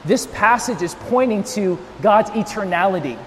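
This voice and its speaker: A man preaches with a high voice, swinging from near-shouted emphasis to gentle, hushed moments as he strains to carry without a monitor. His voice rings in a reverberant hall. Faint background noise sits underneath. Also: expressive, moderate pace. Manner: swings between loud, near-shouted emphasis and softer, tender passages. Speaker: pastor. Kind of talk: sermon.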